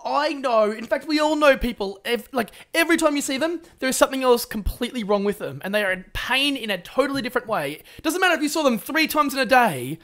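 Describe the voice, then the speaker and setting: A man's voice: extremely high pitch, lively intonation, quick pace, hardly any pauses, a bit bright. An Australian man co-hosting a podcast, agreeable and teasing, often backing up his partner. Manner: agreeable, teasing, mocking sympathy. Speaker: podcast co-host. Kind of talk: casual podcast chat.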